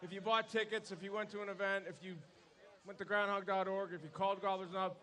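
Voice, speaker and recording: High-voiced man emceeing to a crowd. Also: flat delivery, fast talker, sharp tone. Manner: upbeat, calls instructions to a crowd. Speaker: emcee at an outdoor ceremony. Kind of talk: crowd announcing over a PA.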